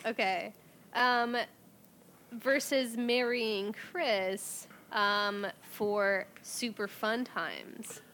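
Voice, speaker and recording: A woman in casual podcast chat, thinking aloud with hesitant pauses. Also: mid-range voice, a bit bright, slight background noise. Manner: thoughtful, hesitant, with frequent "um" and laughs.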